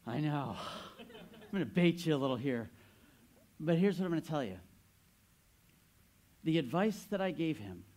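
A man's voice: a little high, darkish tone. A man in his thirties, a pastor giving a sermon, telling a story with playful asides to the congregation.

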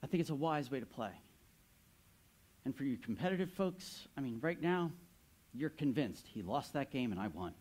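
A man's voice: mid-range voice, expressive, normal speed, long pauses, a little mellow. A man in his thirties, a pastor giving a sermon, telling a story with playful asides to the congregation.

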